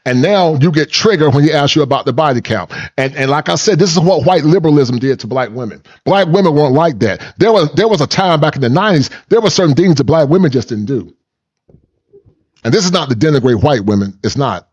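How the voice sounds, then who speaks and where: Doing reaction commentary on his channel, a middle-aged male host is preachy and repetitive, laughs at his own points and uses folksy slang. His slightly mellow voice is a little high and a little fast with lively intonation, and the recording is slightly muffled.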